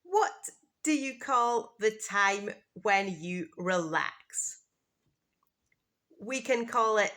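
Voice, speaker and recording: A woman teaching pronunciation, repeating each word slowly and clearly to contrast two versions. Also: mid-range voice, animated, a bit bright. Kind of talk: slow, deliberate scripted teaching.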